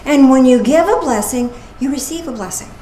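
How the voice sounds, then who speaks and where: A woman minister giving a casual, playful sermon with animated asides. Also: high-pitched, a little fast. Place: church service. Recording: echoey room with faint noise.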